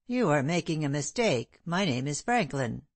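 A woman voicing a calm, stern gentleman in an audiobook, cold and composed. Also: deep voice, normal speed, no room sound, full character voice.

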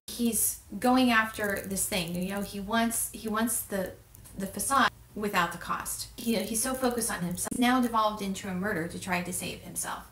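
A woman's voice: mid-range voice, normal speed, a bit bright. Woman, casual book commentary, conversational, roomy echo, distant mic. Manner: conversational, with fillers and restarts. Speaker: book reviewer. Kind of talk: casual book commentary with read-aloud passages.

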